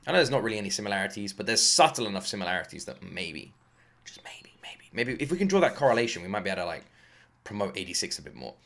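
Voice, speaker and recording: A man hosting an anime reaction video, talking in a rambling, excitable way, swearing freely and fighting off a lingering cough. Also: on the low side, very fast, vocal fry. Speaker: anime reaction channel host. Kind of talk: casual reaction commentary.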